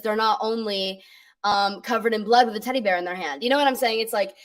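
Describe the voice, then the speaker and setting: A young woman, an actress guest on an interview show, answering in a relaxed, casual way full of "like" and "you know.". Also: mid-range voice, fast talker, far from the mic.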